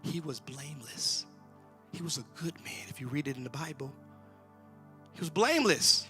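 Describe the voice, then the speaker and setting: A man preaching a sermon in a church, talking in a loose, colloquial way and swinging between shouts and whispers. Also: fairly high pitch, animated, normal speed, over music. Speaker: pastor. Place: church sanctuary.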